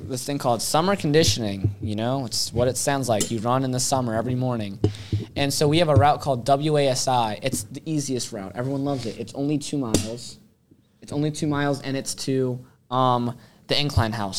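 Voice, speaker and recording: A teenage boy co-hosting a podcast in casual chat, telling stories animatedly and acting out quotes loudly. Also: mid-range voice, slight background noise. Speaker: podcast co-host.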